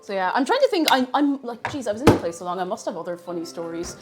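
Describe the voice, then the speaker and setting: A woman's voice: medium pitch, very animated, quick pace, over loud music. A woman telling self-mocking anecdotes in a casual live stream, with many fillers.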